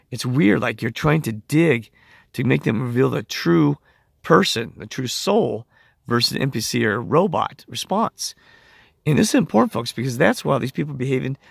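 Hoarse, gravelly-voiced man rambling. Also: medium pitch, dry recording, clean studio sound. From United States. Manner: rambling, acts out quoted conversations. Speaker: vlogger. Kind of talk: casual rambling monologue.

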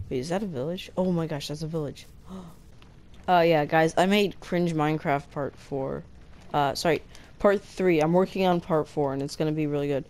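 Low-voiced woman chatting through a game. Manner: chatty, breaks into excited squeals, sounds out foreign words slowly. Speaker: gaming channel host. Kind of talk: casual gameplay commentary.

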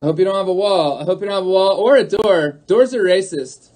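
High-voiced sarcastic man on a livestream. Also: fairly quick, a little mellow. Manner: sarcastic, mocking; argumentative, repeats himself. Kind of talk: livestream talk answering chat.

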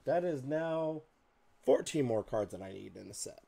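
Man, card-opening host, lively pitch, gravelly, casual list-reading, slightly hoarse. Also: normal speed. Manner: reads off card names in a list, muttering asides. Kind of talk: casual pack-opening commentary.

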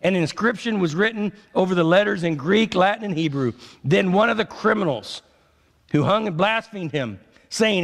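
A pastor delivers an impassioned sermon in a fairly high, gravelly voice. He swings from loud, urgent declarations down to slow, low lines. The sound rings with the long reverb of a church sanctuary. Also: lively intonation.

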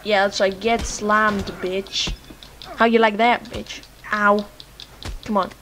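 A woman's voice: mid-range voice, level tone, slow, slight background noise. Giggly young woman with Lithuanian accent. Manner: loud, giggly, cursing, joking at the screen. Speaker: gamer. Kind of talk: let's-play commentary.

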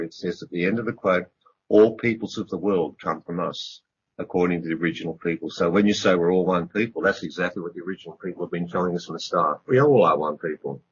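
A middle-aged author from Australia, appearing as a radio interview guest, speaks fast in a low-pitched voice with a breathy edge. He's earnest and emphatic, repeating words to drive points home. The recording is dull and lo-fi.

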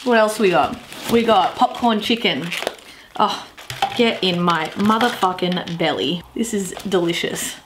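Young Australian woman for a casual eating vlog, cheeky and giggly, mid pitch, faint background noise. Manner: playful, giggly, crude jokes. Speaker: vlogger. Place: parked car.

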